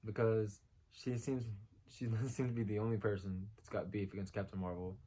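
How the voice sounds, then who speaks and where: A man hosts a casual chat reviewing a TV episode. He recaps in a loose, rambling way, leaning on "like" as he goes. His voice sits a little low. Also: flat delivery, normal speed, warm tone, slight background noise. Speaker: host.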